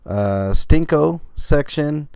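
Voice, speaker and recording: A man's voice: on the high side, expressive, takes it slowly, vocal fry, a little mellow, no echo, studio quality. A man hosting a casual live-streamed podcast, rambling with lots of fillers and hiccuping as he talks. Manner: rambling, filler-heavy, laid-back. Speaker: podcast host.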